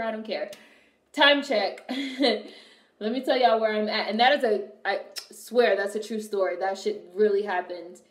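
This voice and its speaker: A young woman streaming and chatting casually with her viewers, telling animated stories full of swearing. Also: medium pitch. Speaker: streamer reacting to a movie and reading chat. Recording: echoey room.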